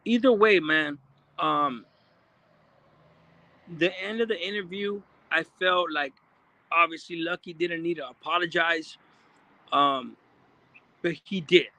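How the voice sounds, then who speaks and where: A man giving casual, profane commentary, animated and repeating himself as he talks. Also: fairly high pitch, slow pace, long pauses. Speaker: commentator reacting to an interview.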